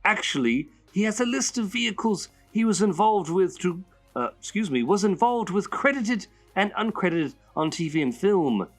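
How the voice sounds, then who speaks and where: A raised, theatrical Joker voice, as a man puts it on for reading a fan letter. It rises and falls in a sing-song, playful way, swooping widely across its range. The voice sits clearly higher than the man's usual talk. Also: very animated, normal speed, soft background music, exaggerated voice. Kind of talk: reading a listener letter aloud.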